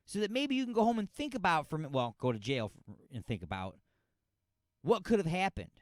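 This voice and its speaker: A man's voice: fairly high pitch, very animated, brisk, dry recording. A man hosting a radio talk show, ranting sarcastically and scolding with exasperation about a news story.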